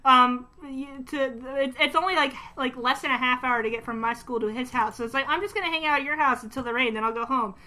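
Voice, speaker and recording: Young woman co-host, high and very bright, rambly with fillers. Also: fast, hardly any pauses. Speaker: podcast co-host. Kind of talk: casual podcast chat.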